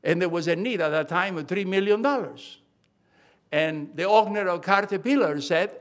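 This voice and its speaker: A man's voice: high-pitched, moderate pace. An older man preaching a sermon, talking emphatically, repeating key phrases and often restarting his sentences.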